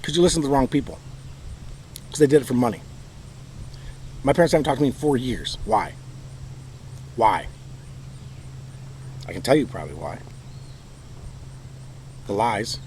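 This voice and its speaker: A man's voice: medium pitch, expressive, normal speed, long pauses, darkish tone, a little hiss or hum, rough recording. A man with a Michigan accent telling his own story in an aggrieved, bitter, emphatic monologue. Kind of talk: personal monologue.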